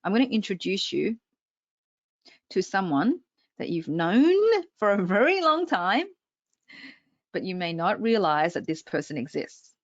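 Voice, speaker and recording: A woman's voice: medium pitch, big pitch swings, measured pace, long pauses, no room sound. Lady coach running a webinar, keeps checking in w the audience, kinda muffled dry sound. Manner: engaging, addresses audience directly with frequent check-ins. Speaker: public speaking coach. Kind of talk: online workshop presentation.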